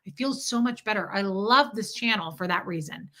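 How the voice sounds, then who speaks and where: A woman hosts a casual livestream and talks straight to her viewers. Her voice has a bright, forward edge at a medium pitch. She speaks candidly and emphatically, swears freely, and often restarts or repeats words. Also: lively intonation, moderate pace. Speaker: livestream host reading viewer chat.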